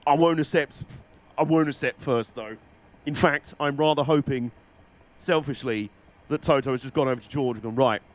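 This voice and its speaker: A man's voice: mid-range voice, normal speed. A young man chatting casually with viewers as he streams a game, chatty and sweary with a dry wit. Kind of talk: casual live-stream chat while gaming.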